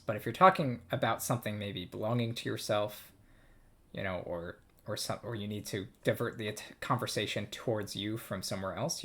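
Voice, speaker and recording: A man's voice: lowish voice, a bit bright. A man casually reading through a text, thinking aloud in a hesitant, self-amused way. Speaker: language learner reading a game aloud.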